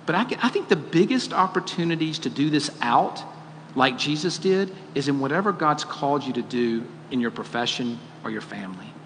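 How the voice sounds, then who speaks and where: A man's voice: medium pitch, expressive, moderate pace, a bit bright, a little hiss or hum. A man preaching a sermon, earnest and questioning, rising to emphatic peaks. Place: church auditorium. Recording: long hall reverb, faint ambience.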